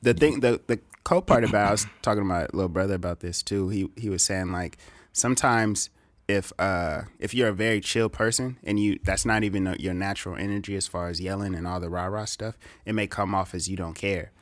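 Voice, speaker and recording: A man's voice: deep voice, a little fast, dry recording, studio quality. A man co-hosting a casual podcast chat, laid-back, mostly giving short agreeing replies. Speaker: podcast co-host.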